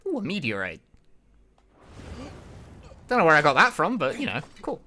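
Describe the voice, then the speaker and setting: English youtuber, east midlands accent, bright voice, lively pitch, casual gameplay chatter. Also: male voice, normal speed. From England. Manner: chatty, rising sentence starts. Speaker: gaming YouTuber. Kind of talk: casual let's play commentary. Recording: voice over game music.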